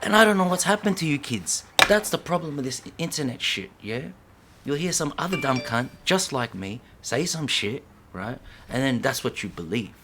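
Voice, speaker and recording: A male breakdancer rants passionately and profanely to the camera, lurching from loud outbursts to hushed whispers and repeating lines for emphasis. His voice is mid-range and expressive at a moderate pace, with a little hiss or hum underneath.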